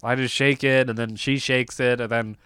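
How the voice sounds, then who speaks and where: A man's voice: medium pitch, little pitch movement, normal speed, pushed and bright, smooth, no echo, studio quality. A man co-hosting a podcast, telling a rambling, self-mocking story about a comedy gig with lots of restarts and laughter. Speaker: podcast co-host.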